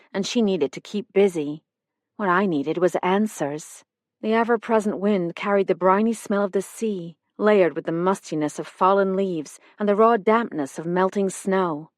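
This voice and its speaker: A woman narrates a mystery audiobook in a measured, even voice. Her pitch sits in the middle range. The studio sound is dry and close. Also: no echo. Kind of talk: scripted narration.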